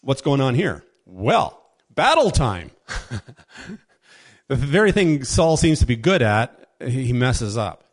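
A man preaching a casual sermon, telling a story with quick voiced asides and chuckles. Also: mid-range voice.

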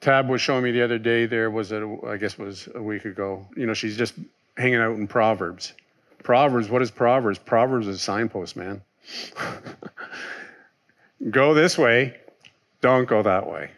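A man preaching a sermon as a pastor, animated, asking and answering his own questions, swinging between loud exclaiming and soft musing. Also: fairly low pitch, fairly quick.

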